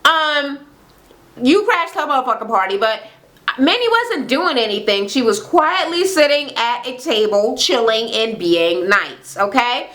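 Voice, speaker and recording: Woman, high voice, bright tone, animated profane recap rant, camera-mic vlog. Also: measured pace. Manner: animated, heavy swearing, acts out quotes. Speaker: reality TV recap vlogger. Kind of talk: casual rant recapping a reality show. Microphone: camera mic with ring light setup.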